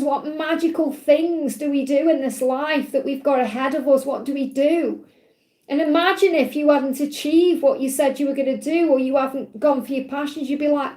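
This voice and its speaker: A woman's voice: high voice, moderate pace, mellow, reverberant. A woman hosting a spiritual live stream, talking in a heartfelt, rambling way with plenty of fillers. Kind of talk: emotional live-stream talk.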